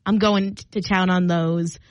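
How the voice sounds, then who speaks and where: A woman's voice: on the low side, fairly even intonation, moderate pace, no echo, poor audio. 20s woman radio cohost, rambly and chatty, dry close mic. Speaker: radio morning show co-host. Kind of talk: casual radio banter. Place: radio studio.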